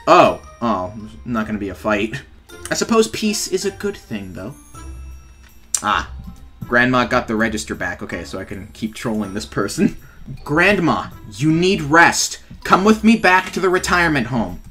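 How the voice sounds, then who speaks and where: Here the young man's voice is mid-range, bright, and forceful as he narrates gameplay while trolling. He's a gaming YouTuber whose commentary is playful and sarcastic, broken up by frequent laughter, over faint background music.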